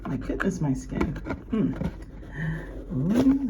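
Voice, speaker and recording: Excitable woman, low-set voice that swings high, casual unboxing chat, faint hiss. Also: slow pace, long pauses. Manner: gushing, excitable gasps and exclamations. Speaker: luxury unboxing vlogger.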